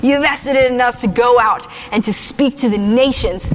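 A woman's voice: on the high side, moderate pace. Impassioned woman praying in a hall. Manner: impassioned, repetitive prayer. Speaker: prayer leader. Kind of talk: spoken prayer. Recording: reverberant hall.

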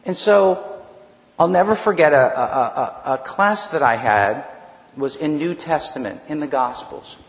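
A man with a fairly high voice tells his own story from the pulpit, animated and full of restarts. The sound rings through a large hall with a long reverb tail. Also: measured pace, gravelly. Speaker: preacher. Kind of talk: personal testimony sermon.

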